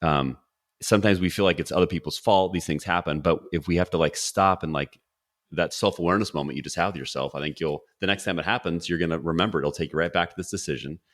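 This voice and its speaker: A man's voice: deep voice, fast talker, a bit bright. A middle-aged man hosting a podcast, casual and enthusiastic, dropping words like dude and bro. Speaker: podcast host. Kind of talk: casual interview chat.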